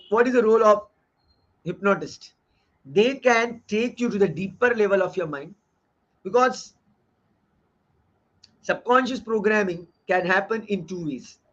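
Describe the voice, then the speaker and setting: Man with a high voice, earnest lecturer who repeats key lines, on dull lo-fi audio. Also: a bit bright. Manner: earnest and explanatory, often repeating phrases. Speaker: course lecturer reviewing a book. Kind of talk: online lecture.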